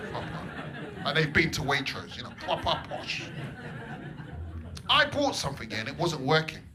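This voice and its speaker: A man performing stand-up comedy in a comedy club, animated, swinging between loud bursts and low mutters. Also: normal speed. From England. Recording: live club set with audience noise. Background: audience laughter.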